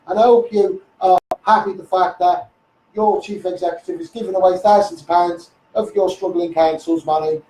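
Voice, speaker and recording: A man's voice: high-pitched, level tone, normal speed, darkish tone, distant mic. Combative Liverpool man ranting, echoey. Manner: blunt, combative, swearing, addressing officials directly. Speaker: social media campaigner. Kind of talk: angry Facebook Live rant.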